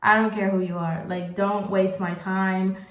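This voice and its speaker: A young woman talks straight to the camera in a loose, confessional ramble, leaning on "like" again and again. Her voice sits at an ordinary middle pitch, and the room around her rings with a noticeable echo. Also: flat delivery, a little slow. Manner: rambling, candid, heavy use of "like". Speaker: vlogger. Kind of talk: casual confessional chat. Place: at home, getting ready on camera. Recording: roomy echo.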